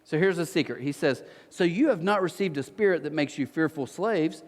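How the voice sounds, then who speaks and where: A man's voice: on the high side, fairly quick, in a large hall. A man preaching a sermon as pastor, telling stories with playful asides. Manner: animated storytelling with playful asides. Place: church auditorium.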